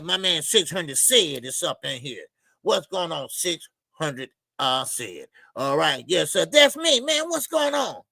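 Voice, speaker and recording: A man's voice: sits high, creaky, no echo. A man hosting a casual boxing livestream, laid-back and chatty, greeting viewers by name and laughing often. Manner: loose, shout-outs to chat, laughs often.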